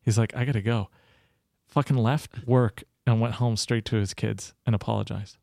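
A man in his thirties, a coach and podcast guest, telling stories in a casual, animated way, swearing freely and acting out what people said. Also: on the low side, moderate pace, creaky, no echo, studio quality. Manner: animated, swears freely, acts out quoted dialogue. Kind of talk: casual storytelling interview.

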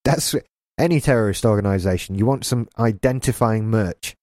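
A man's voice: lowish voice, normal speed, darkish tone, no echo, studio quality. A man co-hosting a podcast, riffing in casual chat with jokey, rambling tangents. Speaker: podcast co-host.

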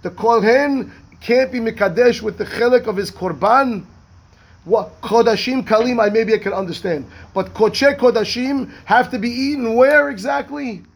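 A man, a rabbi teaching a Talmud class, reading text quickly and explaining it in rhetorical questions. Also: extremely high pitch, slightly rough. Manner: animated, reads Hebrew text fast then explains in English; asks rhetorical questions, acts out the rabbis' voices.

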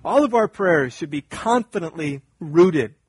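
A man preaching a sermon with an emphatic style, repeating phrases and building to loud fervor. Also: on the high side, animated, a little slow, slightly rough, no room sound, low-quality recording. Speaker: pastor.

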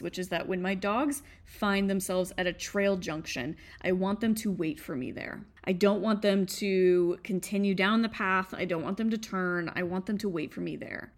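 A woman explains her dog training in a casual, chatty way. Her pitch sits in the middle for a woman. She laughs often and drops lively asides.

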